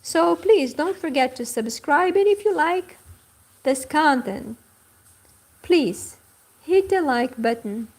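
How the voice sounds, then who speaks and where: A woman teaching a livestreamed vocabulary lesson, saying each word slowly and carefully twice and speaking. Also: high-pitched, lively intonation, a little mellow. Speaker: language teacher. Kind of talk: slow repeat-after-me vocabulary lesson.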